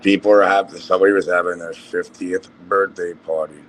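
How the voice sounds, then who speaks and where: Man, very low voice, relaxed storyteller who swears, faint background hiss. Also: fairly quick, low-quality recording. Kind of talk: casual group chat.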